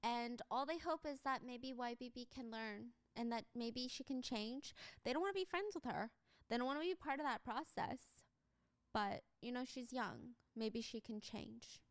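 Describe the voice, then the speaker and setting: Woman streamer telling a story live, kinda high voice, dry close sound. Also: moderate pace, no echo. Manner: animated retelling, reading out quotes.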